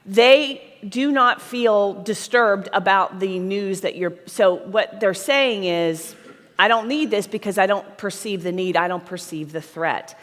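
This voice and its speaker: A woman's voice: on the high side, a bit bright. A middle-aged woman giving a blunt, emphatic sales seminar to a live audience, often checking in with "right?". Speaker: sales trainer speaking at a conference. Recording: long reverb of a large hall.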